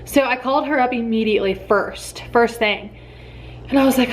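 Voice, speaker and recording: A young woman in her twenties telling a personal story to camera in an excited, chatty way, full of quoted thoughts and fillers. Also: a little high, moderate pace, rough recording. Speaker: vlogger.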